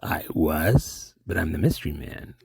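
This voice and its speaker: A man voicing a slow, eerie film mystery man, drawing out his words with a low, husky, gravelly voice. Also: expressive, darkish tone, no room sound, full character voice. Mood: flat. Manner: slow and deliberate.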